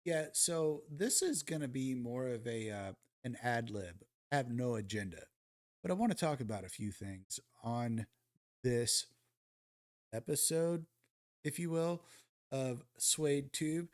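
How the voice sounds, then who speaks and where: A man's voice: mid-range voice, expressive, a little slow, darkish tone. A man recording casual ad-lib commentary over mobile game footage for his channel, blunt and swaggering, firing rhetorical questions at his viewers. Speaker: gaming YouTuber.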